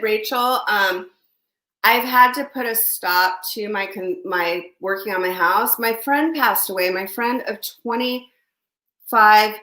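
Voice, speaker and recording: A woman's voice: mid-range voice, pushed and bright. Chatty woman gossiping on a phone livestream. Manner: chatty, gossipy, talks while eating. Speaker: livestream host. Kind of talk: casual live chat reading comments. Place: home under construction.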